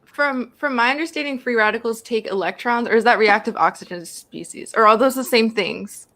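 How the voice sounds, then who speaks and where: A woman's voice: on the high side, a little fast, bright, forceful tone. A woman co-host chatting and laughing on a video call, casual and talkative. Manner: chatty, laughing, says y'all. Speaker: science show co-host. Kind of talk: casual group chat.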